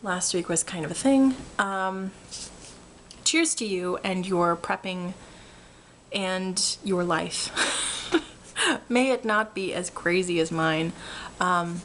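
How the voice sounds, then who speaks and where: A woman's voice: lowish voice, takes it slowly, pauses often, fairly bright tone. A woman talks straight to her viewers in a loose, rambling vlog, jittery with energy from too much coffee. She laughs often as she goes. A faint noise sits under her voice. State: caffeinated. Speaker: writing vlogger. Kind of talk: casual chat to camera.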